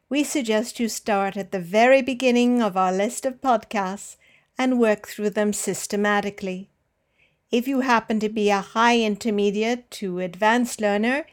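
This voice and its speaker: A woman leads an English pronunciation lesson at an unhurried pace, stressing each word with care. Her voice sits a little high, and she pauses between drill words so listeners can repeat them. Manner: clear, careful enunciation with drills and pauses. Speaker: English teacher and podcast host. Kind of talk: slow, deliberate pronunciation lesson.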